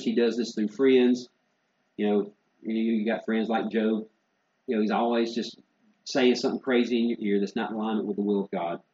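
Preacher guy, earnest sermon, gets loud on lists then quiet asides, roomy church sound. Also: mid-range voice, dull audio. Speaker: pastor. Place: church sanctuary.

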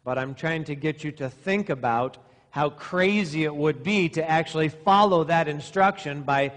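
A man's voice: on the high side, normal speed, fairly bright tone. A middle-aged male pastor preaching to young men, using sarcasm and exaggeration to make his point. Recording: long reverb in a hall.

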